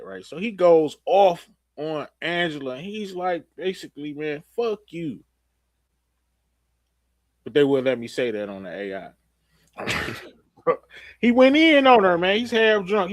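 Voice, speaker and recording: Animated man host, dry close sound. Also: fairly high pitch, normal speed, no room sound. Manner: animated storytelling recap, laughing. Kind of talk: casual live-stream show chat.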